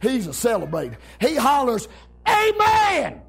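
A man preaching a revival sermon, hollering amens and shouting with exuberant celebration. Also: extremely high pitch, very animated, moderate pace.

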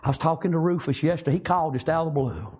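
Husky animated preacher man. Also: fairly high pitch, racing. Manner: animated preaching with frequent repetitions and amens. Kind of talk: sermon.

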